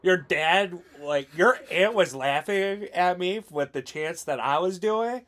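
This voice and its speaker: A man co-hosting a podcast in casual chat, joking and swearing, sometimes yelling mock chants. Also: sits high, slow pace. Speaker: podcast co-host.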